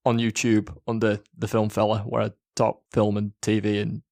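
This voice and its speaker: A man's voice: on the low side, monotone, moderate pace, a little mellow, dry recording, studio quality. A man with a Yorkshire accent hosting a podcast in casual chat, chatty and self-mocking, laughing often. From England. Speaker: podcast host.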